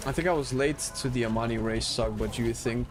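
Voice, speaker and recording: A man's voice: medium pitch, moderate pace. Chatty male streamer, jokes and thinks aloud over gameplay. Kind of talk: casual gameplay commentary.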